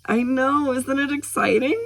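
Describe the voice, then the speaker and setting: A man voicing a kind young woman who speaks gently and reassuringly in a storybook reading. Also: sits high, a little fast, voice pushed up. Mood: gentle.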